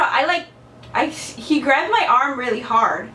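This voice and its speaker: A woman's voice: high-pitched, animated, a little slow, sharp tone, slight background noise. A young woman vlogging to camera, telling a dating story in a blunt, chatty way, swearing freely and filling with "like". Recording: echoey room, a bit far from the mic.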